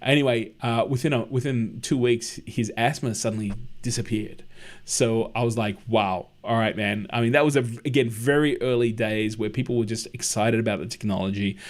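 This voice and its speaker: A man hosts a relaxed livestream at an ordinary middle pitch. He chats in a friendly, rambling way, answering viewer comments and telling stories along the way. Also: brisk. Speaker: livestream host. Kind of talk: casual livestream chat.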